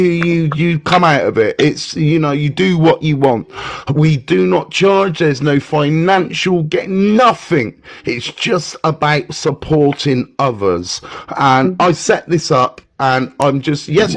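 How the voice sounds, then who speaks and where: A middle-aged English man hosts a casual live stream, high-pitched and chatty. He jokes and swears freely, talking into a phone from home. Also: animated, takes it slowly. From England. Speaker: recovery mentor hosting a live stream.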